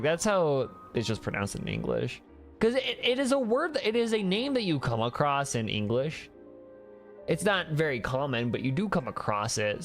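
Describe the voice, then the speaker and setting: A streamer with a Midwest mountain accent giving animated, rambling gameplay commentary full of restarts. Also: medium pitch. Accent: Midwest mountain American.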